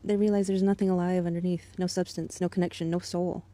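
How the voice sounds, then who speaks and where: Dark, flat-voiced woman venting with contempt. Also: lowish voice, fast talker. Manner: bitter, contemptuous and profane, in a controlled steady voice. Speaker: vlogger. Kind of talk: angry monologue addressed to an ex.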